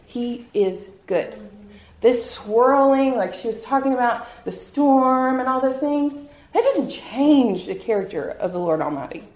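A woman giving a heartfelt personal testimony at a church gathering, earnest and quick to laugh at herself. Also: fairly high pitch, expressive, a little mellow. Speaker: guest speaker sharing testimony. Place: church hall with an audience. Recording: roomy hall echo.

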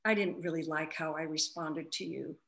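A woman's voice: low-pitched, normal speed. A woman, a flight attendant, telling a story in casual spiritual conversation and acting out the quoted voices. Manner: animated retelling, acts out quotes.

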